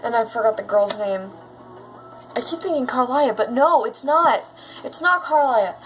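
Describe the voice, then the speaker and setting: A woman YouTuber telling stories in a casual vlog, chatty and excitable. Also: a little high, moderate pace, faint music behind, poor audio.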